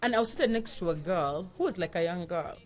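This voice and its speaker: A young woman, telling a personal story on a podcast in a lively way, laughing and acting out the people she quotes. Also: fairly low pitch, quick pace, soft background music. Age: young adult. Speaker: podcast co-host. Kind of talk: casual storytelling chat.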